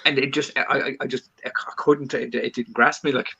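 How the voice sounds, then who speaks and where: A man's voice: mid-range voice, steady tone, brisk, creaky, sharp tone, highs cut off. A man in his thirties co-hosting a podcast, telling rambling stories in casual chat and swearing heavily. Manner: rambling, heavy swearing, loose storytelling. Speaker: co-host.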